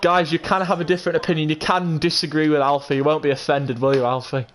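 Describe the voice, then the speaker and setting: Chatty, excitable man live-streaming games. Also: on the high side, fast talker. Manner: chatty, excitable, keeps greeting and quizzing viewers by name. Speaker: gaming livestreamer. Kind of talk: casual live-stream chat.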